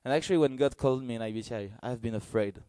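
Male preacher, earnest and halting, dry close sound. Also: medium pitch, no room sound. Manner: halting, searching for words, earnest; gets excited and loud in bursts. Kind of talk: sermon.

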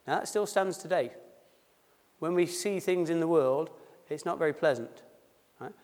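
A man's voice: on the high side, moderate pace, darkish tone. A man preaching a sermon at a baptism service, a pastor who drops his H's and reads scripture before explaining it in plain, conversational words. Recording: long reverb in a church hall.

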